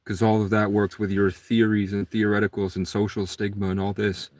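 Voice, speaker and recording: A man's voice: lowish voice, little pitch movement, fairly quick, a little mellow. A man telling a long personal story in a casual, rambling monologue. He acts out the other people's lines in a raised voice.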